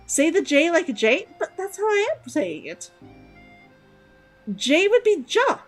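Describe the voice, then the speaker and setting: A woman's voice: very high-pitched, sing-song, slow, faint music behind. A woman streaming a game, chatting casually and giggling as she answers her chat.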